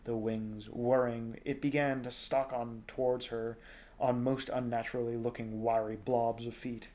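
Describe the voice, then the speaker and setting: A young adult man reading a novel aloud in a relaxed, informal way. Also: mid-range voice, measured pace. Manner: relaxed, informal, jokes at stumbles. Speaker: storybook reader.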